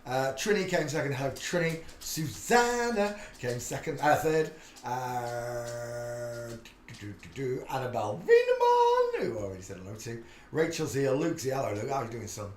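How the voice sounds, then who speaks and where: A man's voice: mid-range voice, expressive, moderate pace, echoey room, slight background noise. A man hosting a casual live stream, chatting in a rambling way with many filler sounds. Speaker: livestream host.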